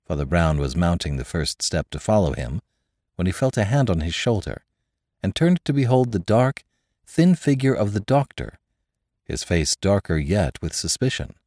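A man narrating a classic story as a podcast host, in measured, expressive storytelling. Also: deep voice, no room sound, clean studio sound. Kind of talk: audiobook narration.

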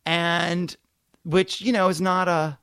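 A man hosting a show, telling a story in a casual, animated and profane way. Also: sits high, slow, clear, resonant tone, dry recording. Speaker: podcast host. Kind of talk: casual chat.

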